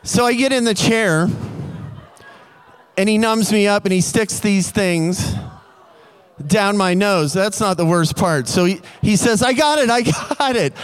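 Animated storyteller man, high clear voice. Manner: animated, building comic tension. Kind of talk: comic personal storytelling.

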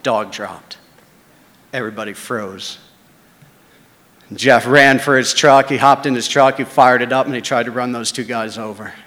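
A man's voice: mid-range voice, steady tone, normal speed, pauses often, a bit bright. Guy telling a wild story, casual n a bit salty, mid voice, long hall reverb. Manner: casual, conversational, with swearing. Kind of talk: first-person spoken story.

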